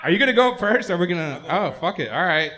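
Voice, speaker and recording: A man's voice: high-pitched, very animated, fast talker, pushed and bright. A man hosting a live comedy show, crude and joking in a loose, unplanned way. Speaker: host.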